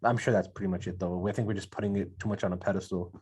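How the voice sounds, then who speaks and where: Male co-host, low-pitched, relaxed and playful, salty language. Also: rapid-fire, husky. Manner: laid-back, swears freely, playful. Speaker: podcast co-host. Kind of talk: casual chat.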